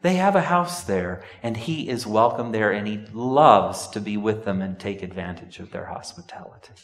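A man's voice: fairly low pitch, lively intonation, normal speed. A man preaching a sermon in a church, telling a story and breaking into sudden emphatic outbursts. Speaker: pastor. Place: church sanctuary. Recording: echoey church hall from a distance.

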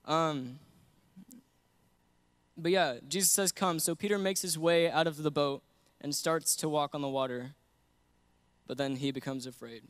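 Earnest young man preaching, clear voice. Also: fairly high pitch, a little slow, pauses often, no room sound. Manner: earnest, laughs between points. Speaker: guest preacher. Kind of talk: sermon with personal story.

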